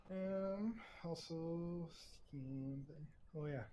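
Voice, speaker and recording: Male player, higher voice, jittery adrenaline energy, casual role-play chat. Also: extremely slow, slight background noise. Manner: excited and jittery. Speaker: fellow player in an online role-play game.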